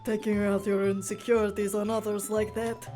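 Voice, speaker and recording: A woman's voice: medium pitch, level tone, normal speed, warm tone, faint music behind, pitched below the performer's own voice, lightly acted. A woman voicing a shy but cutting teenage girl with a mock Russian accent, speaking coldly and bitingly. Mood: cold scorn. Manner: cold, biting.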